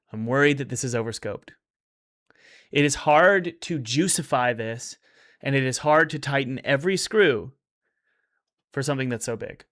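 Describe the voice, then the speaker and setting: A man's voice: mid-range voice, a bit bright. A man in casual livestream commentary, reviewing indie games in an upbeat, rambling way with many restarts.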